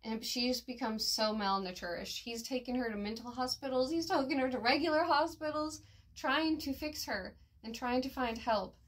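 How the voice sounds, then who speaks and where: Woman reviewer, chatty and slangy, fairly high voice. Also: normal speed. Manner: slangy and chatty, with fillers and laughs at slips. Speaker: manga reviewer. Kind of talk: casual chat review.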